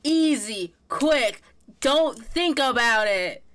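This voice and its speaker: A woman's voice: high voice, animated, takes it slowly, a bit bright. Playful Pennsylvania woman streamer. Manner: playful, teasing. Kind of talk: casual reaction stream chat.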